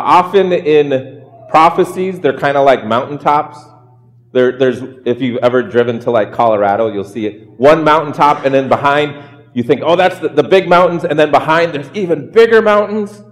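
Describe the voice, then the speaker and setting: Man preaching in a reverberant hall. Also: a little high. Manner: chatty, asks rhetorical questions. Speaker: pastor. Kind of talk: conversational sermon.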